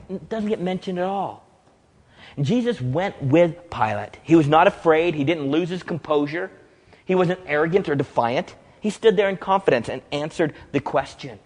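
Male pastor, fairly high voice, dramatic sermon delivery, long hall reverb. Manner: dramatic, acts out quoted dialogue with big swings in pitch and volume.

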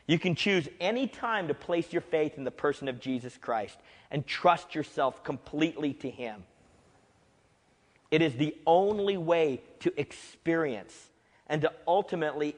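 A man preaching a sermon as pastor, emphatic, dropping to a hush and rising to loud peaks. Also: high-pitched. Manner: emphatic, swings from hushed to loud. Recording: long hall reverb.

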